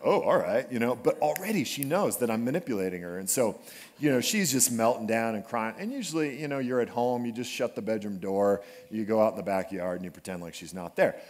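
Man, pastor, relaxed joking sermon, personal stories, medium pitch. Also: fairly quick. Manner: humorous storytelling, animated asides. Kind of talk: conversational sermon. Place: church sanctuary.

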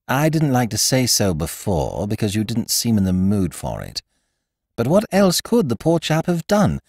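Man as a reasonable young englishman, soothing and pacifying, lively pitch, dry sound. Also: moderate pace, no echo, exaggerated voice. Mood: placating. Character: calm sensible young Englishman, placating.

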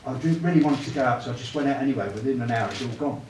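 A man's voice: mid-range voice, rapid-fire. Man teaching in an echoey hall. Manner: chatty, asks the room tag questions. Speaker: church evangelism teacher. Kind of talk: church training talk. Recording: echoey room, mic far off, clear noise.

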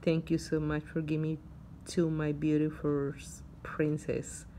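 A woman's voice: deep voice, monotone, a little slow, dark tone, a little hiss or hum. A woman recording an effusive, affectionate birthday message for her daughter-in-law.

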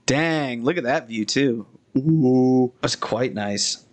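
A young adult man giving chatty live commentary as he plays a video game, critiquing its buildings with frequent restarts and sudden high-pitched exclamations. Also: slow.

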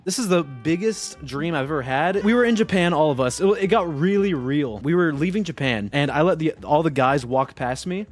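A young man streaming a game, with a fairly high voice. He talks in a rambling, excitable way and breaks into sudden shouts. Faint music plays underneath. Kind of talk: casual gaming stream chat.

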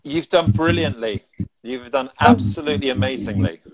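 A man's voice: medium pitch, expressive, a crowd in the background, low-quality recording. British man hosting a casual livestream. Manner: warm, encouraging, hesitant halting French. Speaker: host.

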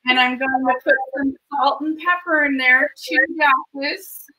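A woman's voice: high voice, measured pace, bright, forceful tone, soft background music, rough recording. A woman hosting a home cooking show from her kitchen, chatting in a rambling, enthusiastic way about the food as she cooks. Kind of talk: casual cooking chat.

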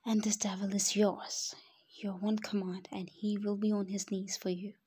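A woman reading aloud, voicing a possessive young male mafia boss in a low, half-whispered murmur. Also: level tone, a little slow, a little mellow, lightly acted.

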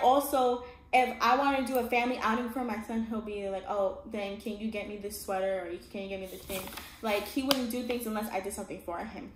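A woman telling her own story in a casual storytime monologue, emphatic and often checking in with her listener. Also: on the high side. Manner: emphatic, keeps checking in with "all right?" and "okay?". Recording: echoey room with faint background hum.

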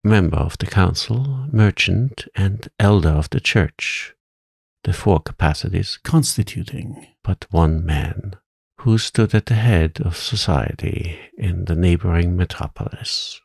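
A man reading a classic story aloud in a calm, soothing, soft-spoken bedtime manner. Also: sits low, unhurried, gravelly, breathy edge, dry recording, studio quality. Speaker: audiobook narrator.

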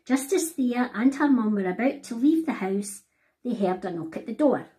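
A woman reads her children's picture book aloud, talking straight to the young listeners. Her voice is animated, swooping up and down with wide, lively pitch. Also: normal speed, a little hiss or hum. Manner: animated, addresses children directly. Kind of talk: storybook read-aloud for children.

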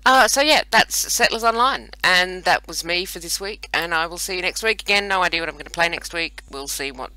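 A woman with a low, bright, forceful voice hosts casual gameplay commentary on a browser strategy game, talking briskly with few pauses. She rambles chattily with self-mocking asides, and the rough recording from a computer microphone has no room sound.

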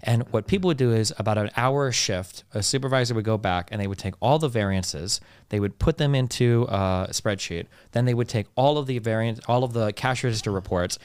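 Fast-talking, swearing man telling stories. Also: on the low side, clear, resonant tone, no echo, clean studio sound. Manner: fast, ranting, heavy swearing. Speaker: podcast guest. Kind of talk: casual storytelling, profane and emphatic.

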